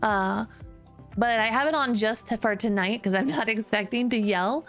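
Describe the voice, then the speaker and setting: A woman's voice: fairly high pitch, normal speed, fairly bright tone. Chatty woman streamer testing her mic. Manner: chatty, laughs often, tests mic aloud. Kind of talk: casual live-stream chat. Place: room with bare walls. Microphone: new studio mic, close. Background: faint background music.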